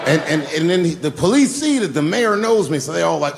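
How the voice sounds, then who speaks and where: Casting: male stand-up comic, gravelly, profane, lively storyteller, theater reverb. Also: fairly high pitch, brisk, a little hiss or hum. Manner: profane, animated storytelling with acted-out quotes. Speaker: stand-up comedian. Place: large live theater stage. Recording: reverberant hall with faint room ambience.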